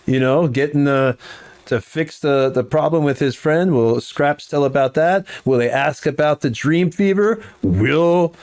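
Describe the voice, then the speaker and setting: A man's voice: fairly high pitch, measured pace, a little mellow. A man narrating as game master, rambling and restarting his sentences often. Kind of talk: narrating a tabletop game over a video call.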